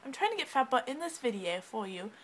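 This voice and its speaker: A fast-talking woman with a fairly high, very animated voice rambles through casual vlog talk, and the low-quality recording carries a little hiss or hum. Filming herself at home with a cat, she puts on an English accent and stays bubbly and scattered, giggling and stopping herself short.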